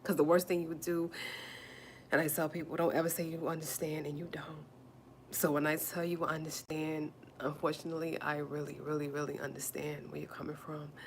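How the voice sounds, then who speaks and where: A woman hosting a livestream, talking softly and repeating herself as she consoles viewers, then turning sassy while reading comments. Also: sits low, a little hiss or hum. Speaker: livestream host. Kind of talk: casual livestream talk to viewers.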